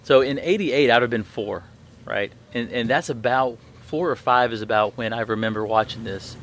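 A man's voice: medium pitch, normal speed, fairly bright tone. A man in his thirties hosting a podcast, telling a story in a rambling way with many fillers and restarts. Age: 30s. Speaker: podcast host. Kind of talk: casual chat.

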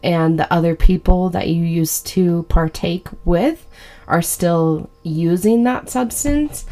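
A woman talks through her own podcast in a candid, conversational monologue, full of fillers and small restarts. Her voice sits on the low side and carries a steady gravelly fry. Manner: slow and deliberate when reciting affirmations. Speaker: podcast host.

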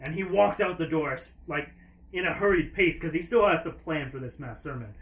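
A man narrating as game master of a tabletop role-playing game, talking in halting runs full of fillers. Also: fairly high pitch, a bit bright. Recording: echoey room with faint noise.

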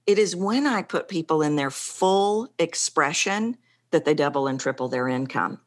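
A woman's voice: low-pitched, lively intonation, normal speed. A woman speaking as a vocal coach in an interview, talking animatedly and acting out the voices in her examples. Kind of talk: conversational interview.

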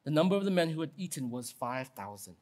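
Man, pastor, sermon, high voice, chatty animated preaching. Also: fast talker. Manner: lively, conversational preaching with asides and acted-out quotes.

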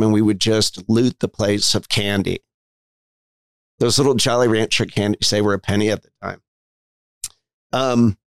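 A middle-aged man speaks frankly in a conversational, storytelling way, at a middling pitch for a man. He is talking through his recovery as a podcast guest. The sound is dry and close, with no room around it. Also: dry recording. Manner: frank, conversational storyteller acting out quoted dialogue. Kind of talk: candid storytelling interview.

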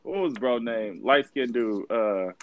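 A man's voice: medium pitch, takes it slowly. A young man in casual chat with friends, slangy and rambling, saying bro a lot.

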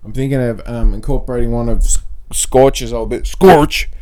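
A man hosting a solo comedy podcast, rambling and self-mocking in a deadpan way. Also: medium pitch, a little fast. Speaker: podcast host. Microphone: podcast mic.

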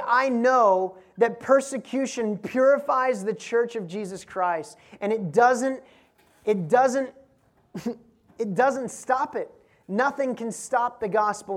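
Woman preaching with lively emphasis. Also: medium pitch. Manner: dynamic preaching with rhetorical questions and strong emphasis; laughs and asides to the congregation. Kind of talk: sermon.

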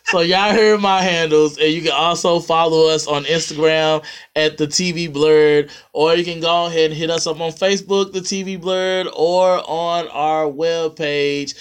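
Podcast host guy, slightly high voice, jokey and chill, talks slang. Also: steady tone, normal speed, fairly bright tone, clear, resonant tone. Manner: joking, laid-back slang. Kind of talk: casual chat.

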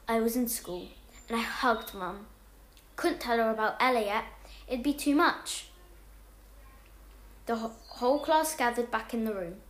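A woman with a fairly high, light voice reads a homemade story aloud. She is animated and jumps up in pitch and loudness for each line of dialogue. The room around her rings with echo.

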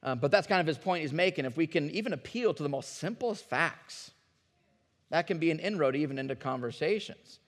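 A man's voice: a little high, expressive, a little fast, long reverb tail. A man preaching a sermon as a pastor, talking to the congregation in an earnest, conversational way and often repeating his words.

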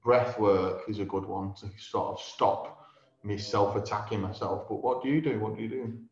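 A man's voice: on the low side, steady tone, normal speed, echoey room, lo-fi sound. A man, a podcast guest in casual chat, earnest and calling the host mate. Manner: earnest, calls people mate.

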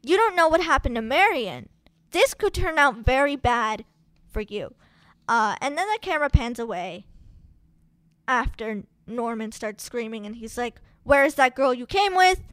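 A woman casually recapping a film plot in chatty, animated storytelling. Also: fairly high pitch, measured pace, no echo.

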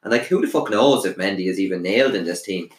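A man's voice: low voice, lively intonation, a little hiss or hum. A man co-hosting a casual football podcast, giving firm opinions and listing players. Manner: opinionated, lists players rapidly. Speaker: podcast co-host. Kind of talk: casual sports podcast chat. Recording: roomy echo.

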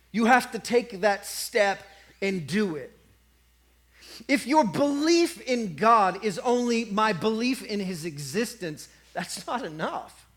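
A preacher with a high-pitched voice gives a sermon, telling his story with animated energy. At one point he briefly imitates the voices of a cheering crowd.

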